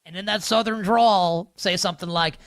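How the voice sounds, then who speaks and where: Young male sports-betting host, rambling sarcastic commentary, bright tone, dry booth sound. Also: sits high, normal speed, no room sound. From northern United States. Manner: rambling, filler-heavy, sarcastic.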